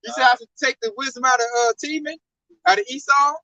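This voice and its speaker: Bright-voiced man preaching fervently, off-mic. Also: very high-pitched, fast, gravelly, far from the mic, highs cut off. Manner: animated preaching, repeats "man". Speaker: religious commentator. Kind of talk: fervent religious talk, street slang.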